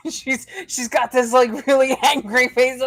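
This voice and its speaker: A woman playing a tabletop game, expressive and playfully complaining, swearing freely. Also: sits high, takes it slowly. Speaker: player.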